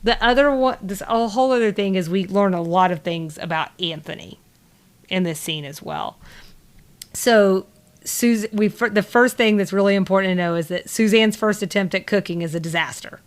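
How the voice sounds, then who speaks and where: A woman's voice: medium pitch, normal speed. A woman from the American South with a Southern accent, co-hosting a podcast and recapping an episode in loose, rambling chat full of fillers. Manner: rambling, many fillers and restarts. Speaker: podcast co-host.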